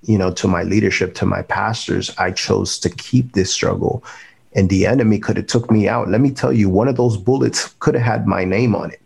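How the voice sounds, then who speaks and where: Man, very deep voice, gravelly fry, earnest faith testimony. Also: steady tone, brisk, darkish tone. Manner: earnest, emotional storytelling with restarts; faith-filled, speaks of God and prayer. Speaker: guest. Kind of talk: personal testimony.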